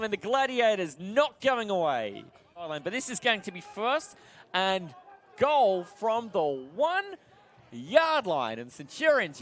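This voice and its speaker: A man with an Australian accent calling a game as an excitable play-by-play commentator who climbs to shouts on the big plays. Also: high voice.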